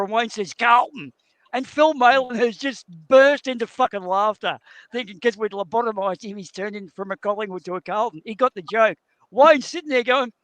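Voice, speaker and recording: A man's voice: extremely high pitch, normal speed, fairly bright tone, no room sound. A middle-aged man with an Australian accent, telling rowdy, profane stories in a casual podcast chat. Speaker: podcast co-host.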